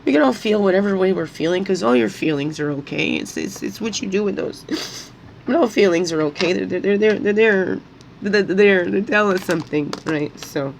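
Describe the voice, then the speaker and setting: A woman's voice: medium pitch, animated, moderate pace, gravelly, a little hiss or hum, low-quality recording. A woman talking through her feelings in an emotional, rambling monologue, at times crying and repeating her words as her voice rises. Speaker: spiritual guidance vlogger.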